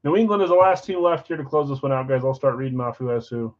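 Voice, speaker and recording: A man's voice: medium pitch, expressive, fast talker, dull audio. A man hosting a live card break stream, reading off names and teams with chatty asides.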